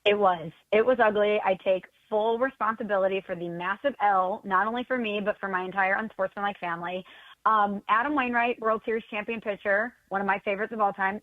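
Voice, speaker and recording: A woman's voice: medium pitch, no room sound. A woman on a tinny, dry phone line, chatting with radio hosts. She pokes fun at herself and tells her stories at easy length. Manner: self-mocking, chatty storyteller. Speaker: radio guest. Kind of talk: casual radio chat.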